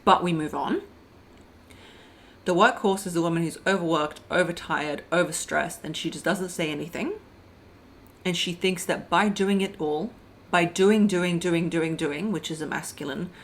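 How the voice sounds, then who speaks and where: Woman, relationship coach, low-ish voice, casual advice to camera, frank and chatty, calls you girl, faint background hum. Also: a bit bright. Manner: acts out quoted voices mid-sentence.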